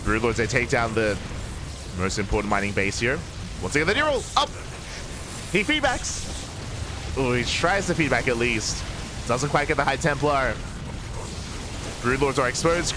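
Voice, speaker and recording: A man casting a live strategy game match, calm in his play-by-play and bursting with excitement when the fights break out. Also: medium pitch. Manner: excitable, rising sharply in big moments. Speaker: esports caster.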